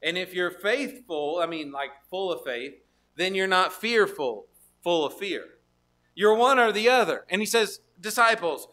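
A man preaching a sermon, reading Bible verses and turning them into conversational rhetorical questions, stopping now and then to clear his throat. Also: high-pitched, lively intonation, measured pace, pushed and bright.

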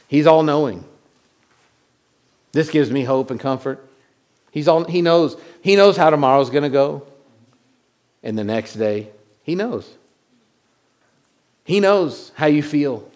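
A man's voice: mid-range voice, animated, slow, pauses often. Conversational man preaching a sermon. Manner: conversational, repeats words, swings from loud to hushed. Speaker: pastor.

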